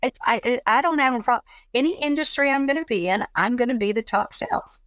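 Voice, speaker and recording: A middle-aged woman talking in a relaxed chat, telling a personal story and acting out the voices of people in it. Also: fairly high pitch, brisk, clear, resonant tone, no echo. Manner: animated, acts out quoted dialogue. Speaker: guest.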